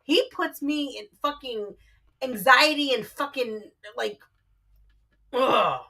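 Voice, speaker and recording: A woman with a New Jersey accent co-hosting a casual livestream, brash and teasing, quick to swear. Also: sits high, sharp tone. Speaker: co-host.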